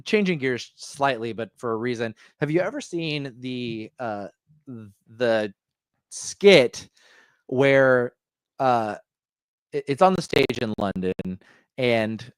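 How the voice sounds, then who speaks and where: A man's voice: mid-range voice, smooth, dry recording, studio quality. A man hosting a pop-culture podcast, talking casually and rambling through fillers and restarts. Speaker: podcast host.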